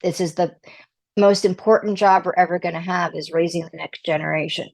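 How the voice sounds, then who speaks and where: A woman's voice: lowish voice, fairly even intonation, brisk, vocal fry, a little mellow. A woman guest on an interview show, giving advice to mothers in an emphatic, coaching manner. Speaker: guest parenting and PR expert.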